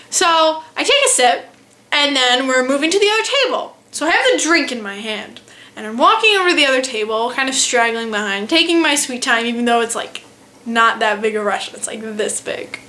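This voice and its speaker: Bright-voiced teen girl telling a story. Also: sits high. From United States. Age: teens. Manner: animated, jokey, self-mocking. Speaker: vlogger. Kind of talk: casual storytelling.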